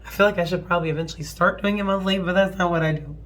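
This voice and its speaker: A young woman with a cold, hoarse and a little nasal, chatting casually as she walks through her family budget, apologetic and rambling with fillers. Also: on the low side, racing, fairly bright tone. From American Midwest. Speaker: budgeting channel host.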